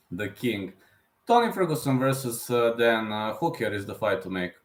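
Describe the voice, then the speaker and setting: A man's voice: medium pitch, sing-song, unhurried, roomy sound. A man hosting a live stream question-and-answer, speaking hesitantly with many fillers and non-native phrasing. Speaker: host.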